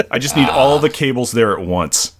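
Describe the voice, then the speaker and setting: A man co-hosting a casual comics podcast, jokey and animated. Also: medium pitch, normal speed. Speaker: podcast co-host. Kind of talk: casual chat.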